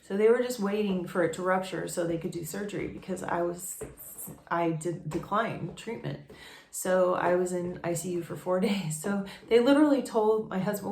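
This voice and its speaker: A tearful woman speaks to her camera in a confessional vlog, her voice edged with gravelly fry. She talks in halting bursts, restarting her sentences as she works through painful feelings. The room around her rings with noticeable echo. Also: lowish voice, fairly even intonation, darkish tone. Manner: halting, with many restarts and fillers. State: tearful, emotional; raw nose from allergies. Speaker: vlogger.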